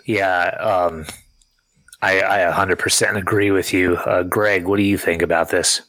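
A man hosting a podcast in an easygoing, self-deprecating chat, his voice a bit hoarse. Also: deep voice, fairly even intonation, unhurried, a bit bright, dry recording, rough recording. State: voice going hoarse. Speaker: podcast host. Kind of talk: casual chat.

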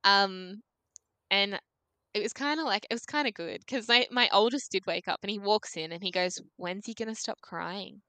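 A woman's voice: mid-range voice, animated, normal speed, sharp tone, smooth, no room sound. A young Australian woman in her twenties, a podcast guest telling a story casually, peppering her talk with "like" and acting out what people said. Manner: chatty, full of "like", acts out dialogue.

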